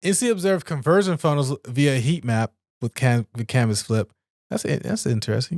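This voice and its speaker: A man with lively intonation and a slightly mellow voice talks at normal speed in a dry, studio-quality recording. Hosting his podcast alone, he reads points aloud and rants about them, swearing casually, tossing in asides, and erupting in high-pitched exasperation.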